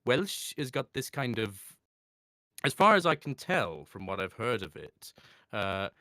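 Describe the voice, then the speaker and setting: A man, a voice actor chatting in an interview, reflective and quick to laugh. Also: medium pitch, big pitch swings, bright, forceful tone, no room sound, studio quality. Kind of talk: casual interview talk.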